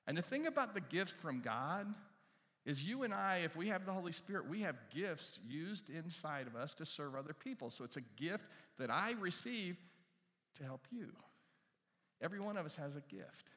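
A male pastor preaching a sermon, animated, repeating key phrases and asking the crowd questions, dropping to hushed asides. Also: on the high side, normal speed. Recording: long reverb from a large hall.

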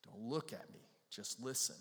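A man's voice: mid-range voice, moderate pace, fairly bright tone, close to an everyday voice. A preacher voicing a humble male prophet. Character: earnest humble male prophet, self-effacing. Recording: long reverb from a large hall.

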